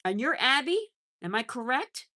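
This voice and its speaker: A woman's voice: high-pitched, expressive, normal speed. A middle-aged woman chatting casually on a pet livestream, reading out viewer messages and cooing to her animals. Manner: chatty, warm baby-talk to pets, reads chat aloud. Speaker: livestream host. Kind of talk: casual live chat.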